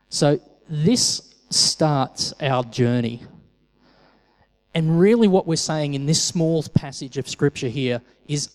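A man's voice: fairly high pitch, slow, long reverb tail, low-quality recording. A man preaching a sermon in a conversational way, often repeating words as he starts a phrase.

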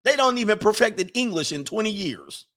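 Here a man hosts a livestream in a high-pitched, expressive, slightly bright voice at normal speed. Reading out viewer chats, he rambles and jokes, now and then bursting into laughter or putting on mock voices for casual comedic effect.

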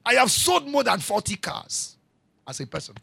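Gravelly preacher, lively. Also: male voice, very high-pitched, moderate pace, dry recording. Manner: repetitive preaching, swings from quiet storytelling to shouting. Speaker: pastor. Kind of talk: sermon.

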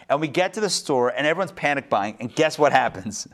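A man, a rabbi, teaching a text study class in a playful, animated way full of rhetorical questions and jokes. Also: on the high side, brisk. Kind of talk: joking, interactive text study lecture.

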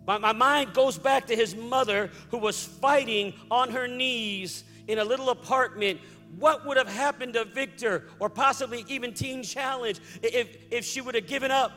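A man preaching a fervent sermon as pastor, building to loud declarations. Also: very high voice, normal speed, few pauses, long reverb tail, soft background music. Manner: fervent preaching, rising to shouts.

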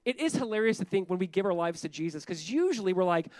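A man preaching a sermon as pastor, animated and conversational, leaning on emphatic repetition and laughing often as he talks. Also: high-pitched, quick pace, no room sound. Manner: laughs often while speaking.

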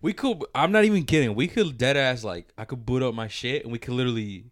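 Brief: young man, mid-pitched, laid-back teasing talk. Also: fast, no room sound. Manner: relaxed, teasing, says yeah a lot. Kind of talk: casual chat.

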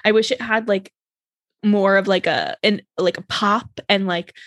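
A woman's voice: mid-range voice, unhurried, fairly bright tone, dry recording, studio quality. A young woman co-hosting a casual chat podcast, gushing and chatty and swearing freely. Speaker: podcast co-host.

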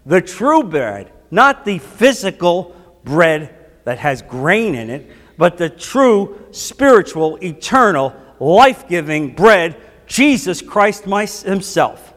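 A male pastor delivers his sermon in a high, ringing voice. He drives his points with impassioned emphasis. The sound carries a long, echoing hall reverb. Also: very animated, takes it slowly, fairly bright tone. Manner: impassioned preaching, rising to emphatic declarations.

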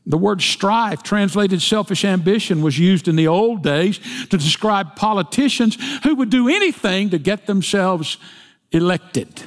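Preacher in an echoing hall. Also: male voice, sits high, lively intonation, moderate pace. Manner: folksy storytelling with jokes. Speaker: pastor. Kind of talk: sermon. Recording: long hall reverb.

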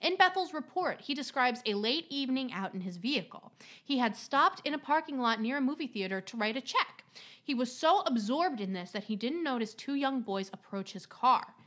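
Woman, podcast co-host, high bright voice, giggly, swears freely, casual storytelling. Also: lively intonation, moderate pace. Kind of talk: casual chat podcast telling creepy stories.

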